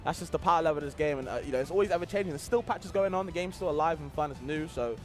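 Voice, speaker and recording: A man's voice: fairly high pitch, racing, soft background music. A man with a non-American accent commentating a live esports tournament, chatty and laughing often, rambling with lots of fillers.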